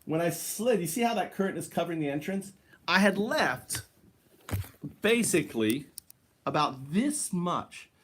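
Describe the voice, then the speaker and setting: A man's voice: high-pitched, very animated, unhurried, fairly bright tone, a little hiss or hum. A man rambling through a casual vlog from his own house, laughing often and tagging his sentences with "right?", recorded on a handheld camera indoors. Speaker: vlogger.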